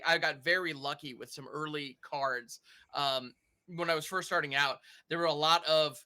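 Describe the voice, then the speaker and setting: A man with a very bright, ringing tone and a slightly high voice, co-hosting a relaxed podcast chat. He tells stories eagerly and with lots of energy. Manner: enthusiastic, animated storytelling. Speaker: podcast co-host.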